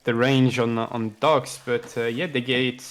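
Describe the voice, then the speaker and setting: A man's voice: mid-range voice, fairly even intonation, measured pace, fairly bright tone, rough recording. Laid-back male analyst. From France. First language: French. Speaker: co-caster, game analyst. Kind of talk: game commentary.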